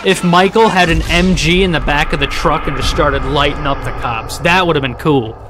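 A man's voice: a little high, normal speed, over music. Rambling joking male game streamer. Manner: rambling, joking, loud outbursts. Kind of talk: casual gameplay live stream.

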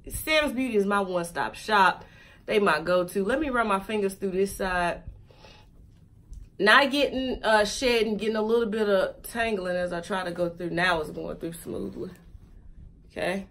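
A woman's voice: medium pitch, normal speed, a bit bright. A woman chatting casually and joking straight to viewers while reviewing a wig for her vlog.

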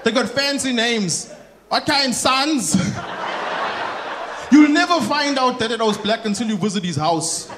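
Lively South African comedian on stage. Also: male voice, very high voice, measured pace, pauses often. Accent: South African, Durban. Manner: animated, switching into mimicked voices. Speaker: stand-up comedian. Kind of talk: stand-up comedy set. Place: large theatre stage. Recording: live theatre with audible crowd noise. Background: audience laughter.

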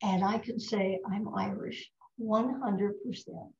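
An American voice actress, older and lively, tells stories as a guest in a casual interview, often slipping into character voices. She speaks slowly in a mid-range voice with some vocal fry. The recording sounds roomy and a bit dull.

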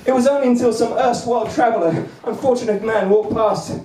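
Young guy doing stand-up, high voice, bumbling and self-deprecating, roomy club sound from far off. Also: fairly quick, a crowd in the background. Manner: bumbling, self-deprecating, chuckles between lines. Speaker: stand-up comedian. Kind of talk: stand-up comedy set. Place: comedy club stage. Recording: roomy venue, mic at a distance.

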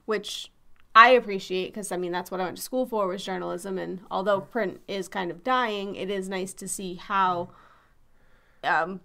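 A woman's voice: mid-range voice, normal speed, vocal fry, pushed and bright. A young woman with a Massachusetts accent co-hosting a podcast, chatting casually with lots of fillers. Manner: chatty, full of fillers and hedges. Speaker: podcast co-host. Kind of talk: casual chat.

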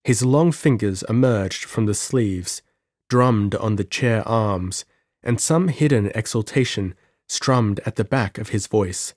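A man narrating an audiobook with measured, dramatic delivery. His voice is low and unhurried, recorded close and dry with no room sound. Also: a little mellow, dry recording.

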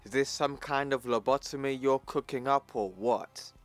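A gruff male general barks slow, blunt orders, as a man reads the comic aloud. Soft music plays behind him. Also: mid-range voice, natural voice. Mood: commanding.

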